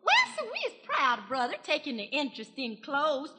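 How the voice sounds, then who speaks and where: A woman playing Minnie Pearl, shrill country gossip gal. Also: wildly swooping pitch, moderate pace, very noisy. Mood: gossipy. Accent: Southern US rural. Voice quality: folksy, gushing, breathless storytelling. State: has a cold. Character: chatty small-town country gossip gal, young woman. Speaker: comedian. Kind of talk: 1940s radio comedy monologue. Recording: reverberant 1940s radio broadcast from a hall.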